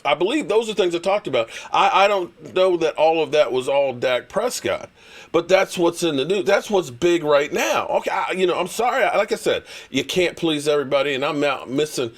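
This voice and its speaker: Animated male sports talk host. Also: mid-range voice. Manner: animated, argumentative, reads super chats. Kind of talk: live-streamed sports rant.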